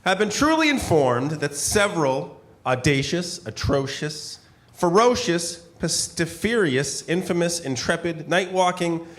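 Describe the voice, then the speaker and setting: A man playing a pompous blustering gentleman. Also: on the high side, very animated, unhurried, slight background noise. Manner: bombastic declaiming with asides and laughs. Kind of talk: live theater reading of a period letter. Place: live performance hall with audience.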